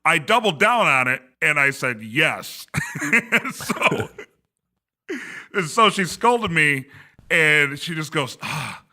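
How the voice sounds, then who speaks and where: Podcast host guy, 30s, super bright tone, rambly and giggly, talking from a glass conference room. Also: fairly high pitch, animated, slow pace, pauses often. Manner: laughing, rambling storyteller. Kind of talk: casual chat.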